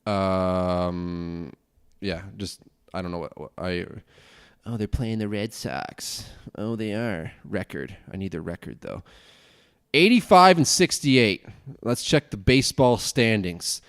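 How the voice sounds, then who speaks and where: Young man, podcast host, low-pitched, rambling, grumbling, self-mocking. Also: takes it slowly, clear, resonant tone. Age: young adult. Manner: rambling, self-deprecating, grumbling, with sudden high exclamations. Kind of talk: casual solo podcast rant.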